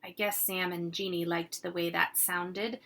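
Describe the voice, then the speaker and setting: A woman teacher reading a children's chapter book aloud in gentle, unhurried storytelling. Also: fairly low pitch, little pitch movement, creaky.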